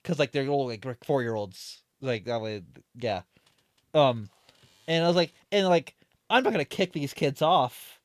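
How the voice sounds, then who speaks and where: A man's voice: fairly high pitch, dry recording, clean studio sound. A man casually telling a long story from his retail job, with lots of fillers and restarts. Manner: rambling, many fillers and restarts. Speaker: streamer.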